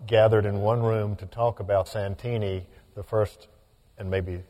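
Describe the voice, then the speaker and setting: A male radio host asking measured, courteous questions in an interview. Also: fairly low pitch, level tone, warm tone, big-room sound.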